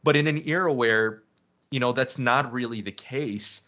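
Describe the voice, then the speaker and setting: A man's voice: mid-range voice, normal speed, sharp tone. A man hosting a casual interview, thinking aloud at length with frequent fillers. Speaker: podcast host.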